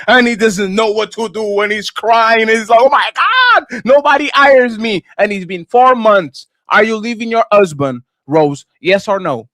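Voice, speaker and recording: A man hosting a heated panel debate, animated and pushing his questions again and again. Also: high voice, dry recording. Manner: animated, repetitive, pressing questions. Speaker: host.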